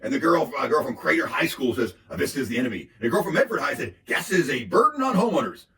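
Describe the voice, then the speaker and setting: Wry male commentator, husky and slightly high-pitched, deadpan sarcastic recap delivery with frequent "uh" fillers. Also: fast talker. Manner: wry, deadpan, lots of uh fillers, mocking quoted voices. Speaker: local video commentator. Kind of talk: casual sardonic meeting recap.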